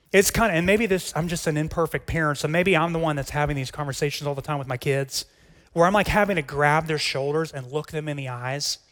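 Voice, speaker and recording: Man, middle-aged, pastor, sermon, earnest conversational delivery, reverberant church hall. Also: a little high. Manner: conversational and earnest, swings from soft intimate asides to emphatic questions.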